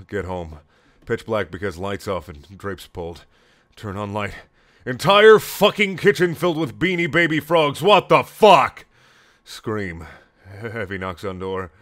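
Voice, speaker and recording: A young man reading a comedic story aloud in clipped, deadpan lines with sudden loud outbursts. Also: on the low side, dry recording.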